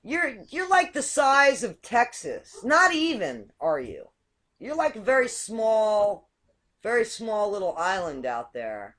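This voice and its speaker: A woman's voice: mid-range voice, sing-song, takes it slowly, a bit bright. A woman from Canada hosting a casual group video chat, chatty and giggly, often restarting her words. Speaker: host.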